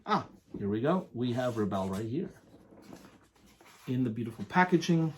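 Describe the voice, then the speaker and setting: A man reviewing perfumes in a casual, enthusiastic, rambling way, often pausing to read product descriptions aloud. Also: mid-range voice, sing-song, slight background noise.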